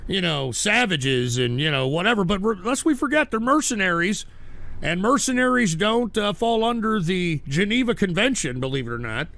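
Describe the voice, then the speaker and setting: A man hosting a live radio stream, ranting and cursing at trolls, stammering and breaking into shouts. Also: high voice, big pitch swings, moderate pace, gravelly, dry recording. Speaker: talk radio host. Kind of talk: livestream radio rant.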